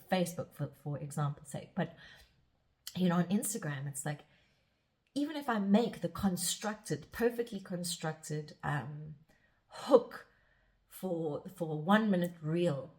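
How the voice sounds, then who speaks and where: A middle-aged woman speaking as a spiritual guide in a reflective, rambling monologue, often restarting her sentences. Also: on the low side. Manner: rambling and self-searching, with restarts. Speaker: spiritual guide and podcast host.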